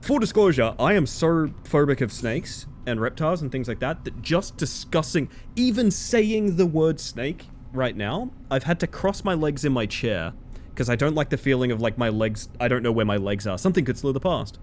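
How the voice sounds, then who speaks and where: A man streaming a game from home and chatting casually in a rambling, animated way. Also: medium pitch, moderate pace, slight background noise. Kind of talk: casual chat while gaming.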